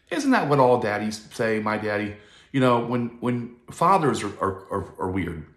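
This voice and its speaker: Male host, low register, loose profane monologue, roomy echo. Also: very animated, moderate pace, fairly bright tone. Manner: profane, rambling storyteller. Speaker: video host. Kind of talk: casual monologue.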